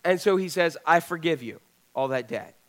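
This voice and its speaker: Speaking at a moderate pace in a fairly high, expressive and fairly bright voice, a male pastor delivers a conversational sermon. He keeps posing questions to his congregation.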